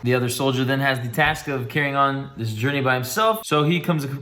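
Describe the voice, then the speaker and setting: A man's voice: mid-range voice, a little fast, a bit bright. A man giving a casual spoken movie review in a laid-back, rambling way with wry asides.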